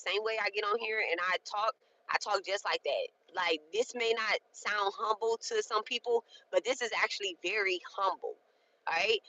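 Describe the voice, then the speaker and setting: A woman in her late thirties talks in a loose, chatty way, leaning hard on her points and tossing in "okay?" to keep her listeners with her. Her voice is bright and forward, and her delivery is conversational and frank. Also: mid-range voice, poor audio. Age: 30s. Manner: chatty and emphatic, often checks in with "okay?". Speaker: spiritual content creator. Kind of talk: casual spoken ritual walkthrough.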